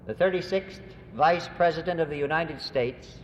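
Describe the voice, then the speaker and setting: Man giving a measured formal address. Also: fairly high pitch. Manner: measured, courteous, with hesitant fillers. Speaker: university president. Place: large hall at a symposium. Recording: reverberant hall on a dull, faintly noisy old recording.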